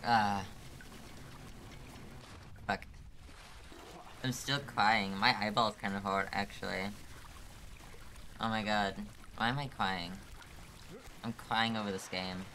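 Swearing, bright-voiced male game streamer. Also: fairly low pitch, steady tone, takes it slowly, long pauses, slight background noise. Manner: frequent swearing, laughing through frustration; talks to chat, thinking aloud. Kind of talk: live gameplay commentary.

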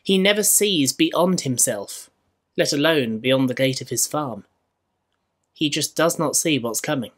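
A man with a Scottish accent preaching a sermon in church, measured and rhetorical, with dry humour. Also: on the high side, lively intonation, fairly bright tone. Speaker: minister.

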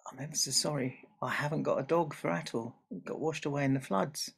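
Man doing an apologetic villager, earnest, gravelly. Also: on the high side, fairly quick, heavily acted.

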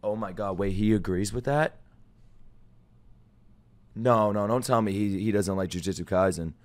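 A man reacting to a video as a streamer, talking loudly and excitedly, swearing often and breaking into sudden outbursts. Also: on the low side, normal speed. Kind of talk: anime reaction commentary.

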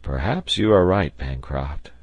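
A calm, authoritative engineer captain, as a man reads him, low and steady. He lays out his reasoning deliberately, point by point. The sound is close and dry. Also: no room sound, full character voice. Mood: measured. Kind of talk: audiobook character voice.

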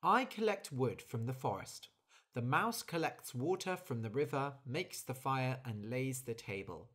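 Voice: mid-range voice, expressive, measured pace, fairly bright tone, breathy edge. A storyteller voicing a tired, hard-working female bird who complains about doing too much work. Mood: explaining. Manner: indignant, complaining.

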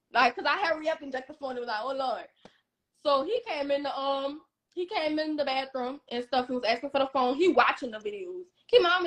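A young woman, telling her own story in a blunt, animated, casual way and often repeating herself. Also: high voice.

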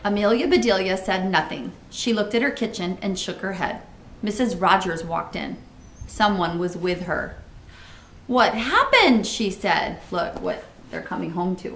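A woman reading a children's book aloud, pausing to comment and ask listeners questions in an expressive way. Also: lowish voice, slight background noise. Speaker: storybook reader. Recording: roomy echo.

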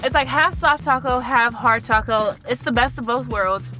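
High-voiced playful woman co-host. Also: normal speed, sharp tone, soft background music. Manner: playful, teasing. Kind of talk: casual cooking show banter. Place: studio kitchen.

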